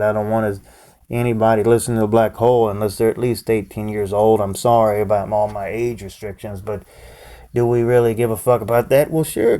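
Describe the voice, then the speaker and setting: A man's voice: medium pitch, warm tone, smooth. A man giving a profane, repetitive rant in his own vlog, often chuckling to himself. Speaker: vlogger. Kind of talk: ranting monologue to camera.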